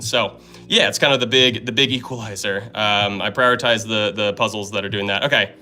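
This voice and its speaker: Solving puzzles on a live stream, this young man talks in a mid-range voice, keeping the chat casual and excited while thanking viewers.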